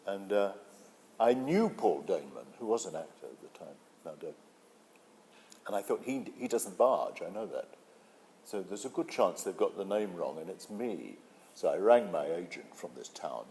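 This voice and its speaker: An older British man, an actor, telling stories in an interview in a relaxed way, with fillers and restarts. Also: low-pitched, normal speed, slight background noise. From Britain. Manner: relaxed storytelling with hesitant fillers. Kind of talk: interview anecdote. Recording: hall reverb with faint music.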